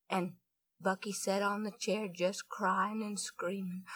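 A woman's voice: mid-range voice, slow, fairly bright tone. A woman telling a folksy story in a chatty way, with many asides to her listeners.

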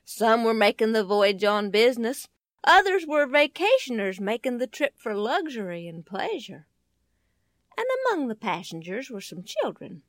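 A woman narrating a children's story in an expressive, lively storytelling manner. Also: fairly high pitch, moderate pace, no room sound, studio quality.

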